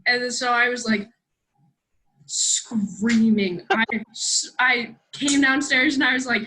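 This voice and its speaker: A young woman co-hosting a podcast, rambling excitably in casual chat and swearing freely. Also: fairly high pitch, takes it slowly, rough recording. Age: young adult. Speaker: podcast co-host.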